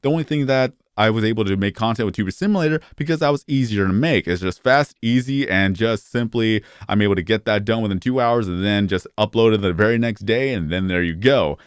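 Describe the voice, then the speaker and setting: A man's voice: on the low side, smooth, no echo, clean studio sound. A man in his thirties talking to his phone camera in a casual vlog, rambling and often restarting or stuttering. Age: 30s. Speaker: YouTuber.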